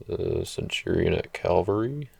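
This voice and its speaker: A man's voice: deep voice, animated, unhurried, vocal fry, a little mellow, husky, no room sound. A man hosting a channel, chatting casually and thinking aloud through a card game with many fillers. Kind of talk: casual gameplay chat. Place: playing an online card match.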